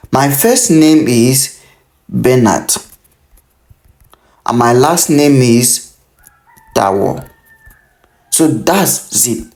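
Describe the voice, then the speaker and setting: A man's voice: medium pitch, darkish tone. A man in his thirties from Cameroon, hosting a step-by-step tutorial and talking the viewer through filling in an online form, often repeating that they must pay close attention. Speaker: tutorial host. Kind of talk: screen-recorded how-to walkthrough.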